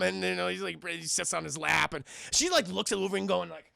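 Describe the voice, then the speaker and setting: A man's voice: high-pitched, a little fast, creaky, bright, forceful tone, no echo, clean studio sound. A man streaming a film recap to his chat, acting out the characters' lines in between, with laughter and swearing. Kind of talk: animated scene-by-scene retelling to chat.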